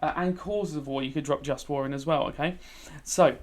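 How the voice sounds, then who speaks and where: A man's voice: on the high side, steady tone, a little fast. Chatty male teacher, tired. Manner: chatty, frequent "okay?" check-ins, talks while typing. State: tired, yawning. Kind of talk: casual revision lesson while gaming.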